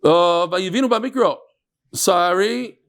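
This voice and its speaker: This is a middle-aged man giving a daily Talmud class, his voice sitting high and his pace slow. The delivery is conversational, with Hebrew and Aramaic terms woven in and frequent asides and restarts.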